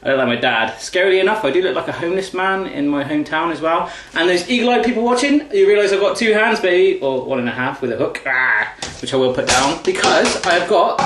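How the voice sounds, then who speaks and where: A man hosting his cooking show in a home kitchen, talking to a camera on a tripod. He rattles along at a quick pace in a slightly high voice, joking as he goes. The kitchen sounds echoey, with faint noise behind him. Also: lively intonation, a bit bright. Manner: playful, jokey and chatty. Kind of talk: casual cooking demonstration.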